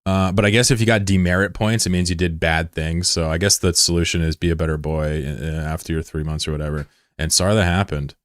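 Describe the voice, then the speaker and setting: A man in his thirties from the United States, chatting casually on a live stream with swearing and sudden high yelps of surprise. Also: steady tone, a little fast, no echo, studio quality. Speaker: game streamer.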